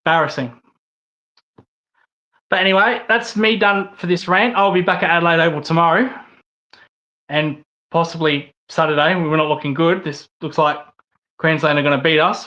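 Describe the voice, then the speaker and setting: An Australian man rants hard, swearing and repeating himself as he hosts his own channel. His voice sits high and sounds bright and forceful. The recording is a little muffled and lo-fi. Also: steady tone, normal speed, pauses often. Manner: profane, repetitive ranting. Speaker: host. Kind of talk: angry rant vlog.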